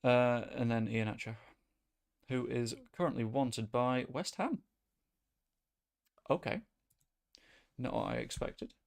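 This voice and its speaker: Gravelly man streaming a game. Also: mid-range voice, slow, long pauses. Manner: chatty, rambling, with sudden excited outbursts. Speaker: gaming streamer. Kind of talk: casual gameplay commentary.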